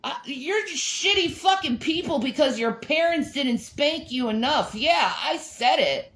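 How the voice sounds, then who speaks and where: A middle-aged woman ranting on her livestream, profane and confrontational. Her fairly high voice leaps up and down, and she talks slowly, stumbling and repeating words as she gets worked up. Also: animated, a bit bright. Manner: repeats words and restarts when heated. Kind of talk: livestream rant.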